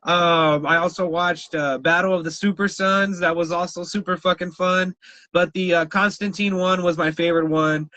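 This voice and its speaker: A man's voice: high voice, moderate pace, dry recording, poor audio. A man co-hosting a podcast, telling wild stories in casual chat, swearing and laughing often. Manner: animated storyteller, swears a lot, laughs often. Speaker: podcast co-host.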